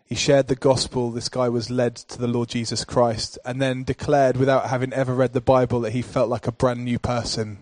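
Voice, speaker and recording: A male pastor delivering a sermon in a rhythmic, repetitive cadence that builds to forceful declarations. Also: mid-range voice, little pitch movement, normal speed, few pauses, no room sound.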